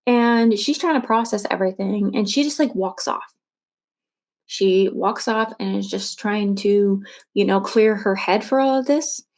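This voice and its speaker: A woman's voice: medium pitch, measured pace, darkish tone. A woman casually retelling a true crime story, chatty, with lots of fillers and restarts.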